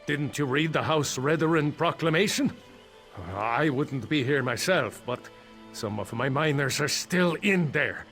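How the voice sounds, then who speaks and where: Game role: worried mine foreman, slightly high-pitched, nervous and dryly funny. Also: a little slow, a bit bright, faint music behind. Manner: nervous, rambling, wry. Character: anxious male mine foreman, dry humor. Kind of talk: video game voice acting.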